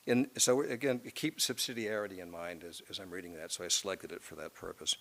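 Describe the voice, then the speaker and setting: A man's voice: deep voice, a little fast, creaky, hardly any pauses, fairly bright tone. A male law professor giving a lecture to a room, reading from a court opinion and breaking off into asides full of hesitations and restarts.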